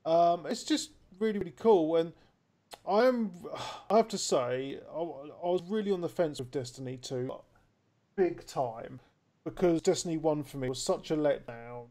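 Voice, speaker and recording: Podcast host, bit higher voice, loose chatty storyteller with slang, casual and easy. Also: male voice, moderate pace, warm tone. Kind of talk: casual chat.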